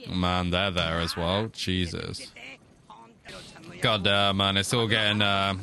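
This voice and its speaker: A young man hosting an anime reaction video, excitable, swearing freely and shouting when the action peaks. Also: fairly low pitch, unhurried, a little hiss or hum. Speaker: reaction channel host. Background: faint anime soundtrack.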